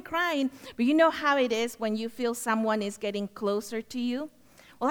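A woman missionary giving a heartfelt, earnest testimony in a church, telling her story with thanks. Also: sits high. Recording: long hall reverb.

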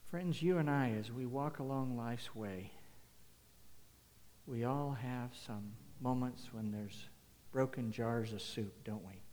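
A man preaching a sermon, emphatic, swinging between loud declarations and hushed asides. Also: mid-range voice, slow. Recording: long hall reverb.

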